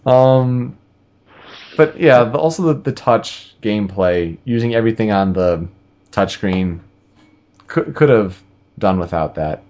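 A man's voice: lowish voice, lively intonation, a little slow, a little mellow. A man hosting a casual gaming podcast over a video call, joking and laughing often. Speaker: podcast host.

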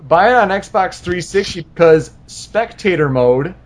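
A man's voice: sits high, expressive, a little slow. A man co-hosting a casual gaming podcast, jokey and teasing, blurting short quips. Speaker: podcast co-host.

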